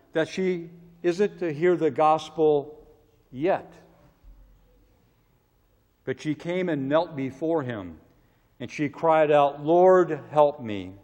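A man preaching a sermon with emphatic delivery, his voice swelling loud and falling low. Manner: emphatic, rising to loud cries on quoted prayers, then dropping low. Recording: long reverb of a large hall.

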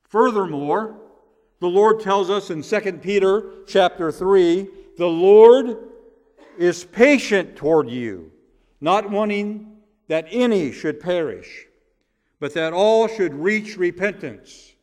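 Slow, emphatic preaching man in church. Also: high-pitched, lively intonation, big-room sound. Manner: measured, emphatic preaching with stressed repeated words. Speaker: pastor. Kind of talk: sermon. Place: church sanctuary.

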